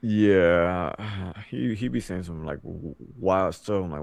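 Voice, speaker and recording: A man's voice: low-pitched, takes it slowly, vocal fry, no echo. A young man co-hosting a sports podcast, talking in a loose, rambling way full of fillers and restarts. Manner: loose and rambling, filler-heavy, mimics announcers. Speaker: podcast co-host. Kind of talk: casual sports chat.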